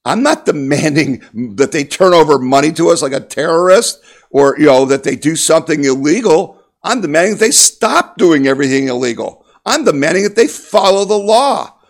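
A man's voice: on the high side, animated, moderate pace, creaky. A man giving an impassioned political monologue as a talk host, emphatic and repetitive, rallying his listeners.

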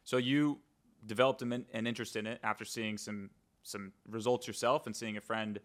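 A man's voice: lowish voice, steady tone, moderate pace. Male podcast host asking questions. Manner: short affirmations and clarifying questions. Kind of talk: casual podcast interview.

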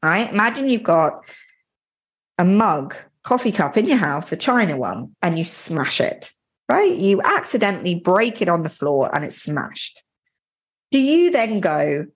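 A woman hosts a motivational podcast and coaches her listeners directly. Her delivery is earnest and plain-spoken, with a lively, swinging pitch. Her voice is slightly husky. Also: unhurried.

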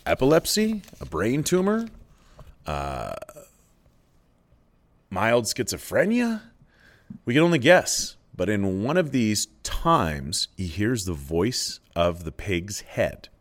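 A man giving a literature lesson, explaining a novel with measured, expressive reading. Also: on the low side. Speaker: literature lecturer. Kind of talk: book analysis with read-aloud passages.

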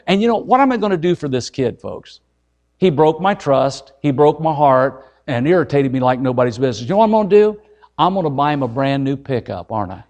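Middle-aged male evangelist, high voice, folksy jokey sermon that keeps calling on "folks". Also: animated, fairly quick, a little mellow.

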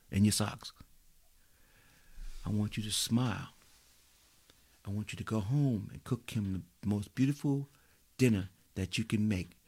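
A man's voice: fairly low pitch, a little mellow, breathy edge. A man preaching a sermon as a pastor, telling stories and speaking directly to his listeners.

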